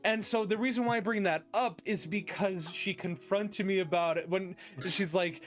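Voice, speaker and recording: A man's voice: high-pitched, moderate pace, hardly any pauses, faint music behind. A man hosting a podcast, chatting casually and telling stories with lots of restarts and fillers. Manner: rambling storyteller, many restarts and fillers. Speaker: podcast host. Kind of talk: casual chat.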